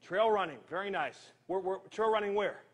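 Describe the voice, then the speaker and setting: A fitness trainer with a high-pitched, brisk voice and a breathy edge leads a live workout. He's energetic and jokey, counting down reps while straining through the exercises himself.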